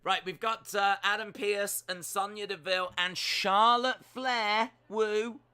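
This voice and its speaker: A man's voice: high-pitched, fairly even intonation, a little slow, sharp tone, clean tone, no echo. A young man hosting a casual watch-along stream, reading chat messages aloud with playful, teasing, self-mocking banter.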